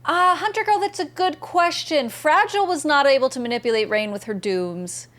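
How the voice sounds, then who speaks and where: A woman's voice: high-pitched, moderate pace, a bit bright. A woman from the American Southeast, chatting casually and enthusiastically with viewers while streaming a game. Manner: chatty, bubbly, reads chat messages aloud and answers viewers. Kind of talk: casual live-stream chat while gaming.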